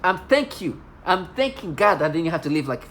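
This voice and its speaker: Low-voiced woman ranting, agitated and accusatory. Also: sing-song, moderate pace, slight background noise. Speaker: video blogger. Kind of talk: angry monologue to camera.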